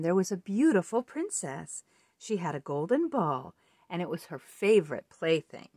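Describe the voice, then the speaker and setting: A woman reading a children's picture book aloud in an expressive read-aloud delivery. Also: lowish voice, breathy edge, no echo, clean studio sound. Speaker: storybook reader.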